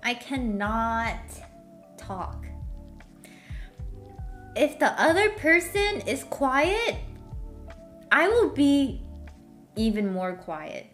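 A woman's voice: high voice, big pitch swings, extremely slow, long pauses, fairly bright tone, soft background music. A woman streamer chatting casually and answering viewer questions, self-deprecating and giggly, humming little filler tunes.

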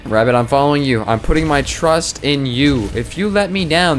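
A man's voice: a little high, normal speed, faint music behind. Sarcastic man doing game commentary. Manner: sarcastic, jokey, scolds the game character; swears and exclaims in bursts. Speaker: gaming video creator. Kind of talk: let's play commentary.

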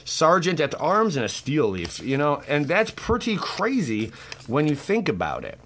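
Excitable young male vlogger host: bright, animated delivery, crude outbursts. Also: on the high side, unhurried, slight background noise. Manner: hyper, excitable, crude exclamations. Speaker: card-opening YouTube host. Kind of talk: casual pack-opening vlog.

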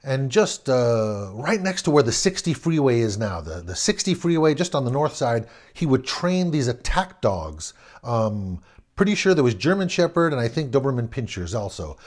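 A middle-aged man from Southern California tells an old neighborhood story off the cuff. His pitch swings up and down with the telling, and he doubles back on words and chuckles between phrases. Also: very animated, moderate pace. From Southern California, USA. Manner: rambling, self-correcting, chuckles as he goes. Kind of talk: casual spoken anecdote.

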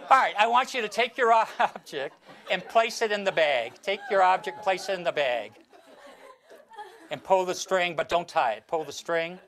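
An older man performing a magic routine for an audience, instructing his volunteers in a chatty, gently teasing way. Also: high-pitched, expressive, moderate pace, a faint crowd. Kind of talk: archival stage performance with patter.

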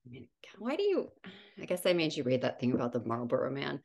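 A woman co-hosting a podcast in casual chat, playful and quick to laugh. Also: very deep voice, sing-song, creaky, a little mellow. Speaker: podcast co-host.

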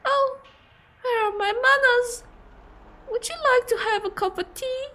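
A fragile old widow from a pixel horror game trembles through her words in a thin, raised, quavering voice, pleading and then fussing sweetly over a guest, as a woman plays her. Her voice sits far above an everyday speaking pitch. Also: unhurried, sharp tone, heavily acted. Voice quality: quavering, tearful. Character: frail tearful elderly widow, gentle and polite.

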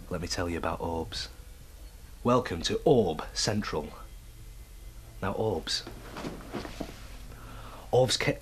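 A man doing a hushed orb expert. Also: fairly low pitch, a little hiss or hum. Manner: hushed, conspiratorial, with sudden loud bursts. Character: mock-mystic man lecturing about orbs. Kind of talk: comic mock-documentary address.

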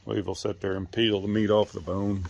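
A man casually talking to his animals while feeding them, praising and soothing them in gentle baby talk. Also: lowish voice, level tone, moderate pace, gravelly, dull audio.

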